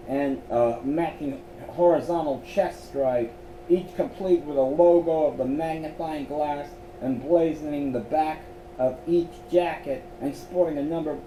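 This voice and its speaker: Mellow-voiced man reading with stumbles. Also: a little high. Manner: slow with stumbles and restarts. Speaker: author and reader. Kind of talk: reading own story excerpt. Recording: roomy echo, faint background hum.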